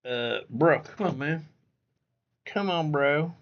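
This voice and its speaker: A man livestreams casually, reading viewer comments in a blunt, profane way, repeating himself and calling people "bro." His voice is fairly high and slow, and the recording has its highs cut off.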